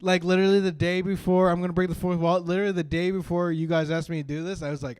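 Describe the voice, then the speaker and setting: Young man, stand-up comic, profane, animated, shouted punchlines, slightly high voice. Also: quick pace, hardly any pauses, clear, resonant tone, no room sound. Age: young adult. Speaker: stand-up comedian. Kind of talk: stand-up storytelling on a live stream.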